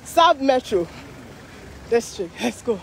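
A woman's voice: on the high side, big pitch swings, slow pace, vocal fry, slight background noise. A Ghanaian woman vlogging live while walking along a street parade, tired from the walk, chatty and exclaiming. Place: outdoor city street at a parade.

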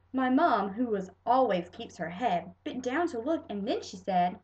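A young woman reciting a children's storybook poem with a stuffy nose. Her delivery is playful and animated, with a pitch that leaps around. The recording is a bit dull and lo-fi. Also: measured pace, few pauses. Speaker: poetry reader.

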